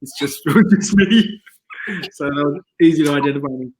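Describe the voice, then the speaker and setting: A man, a comedian guest in a casual interview, telling animated anecdotes and laughing often. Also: a little high, brisk. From Australia.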